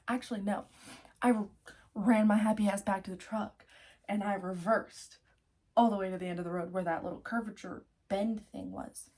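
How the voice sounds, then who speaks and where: A young woman in her twenties, telling a story in a casual vlog, animated, swearing freely and laughing often. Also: mid-range voice, husky. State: out of breath. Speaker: vlogger.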